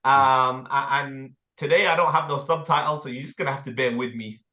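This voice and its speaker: A man with an English accent coaching a sales team, blunt and animated, with casual slang and the odd swear word. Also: mid-range voice, brisk, roomy sound. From England. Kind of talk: sales training talk with role-play.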